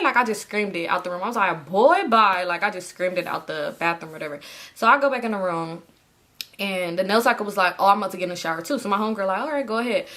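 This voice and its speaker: Animated young woman telling a story. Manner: animated, swearing, acts out quotes in high bursts. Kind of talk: casual storytime chat.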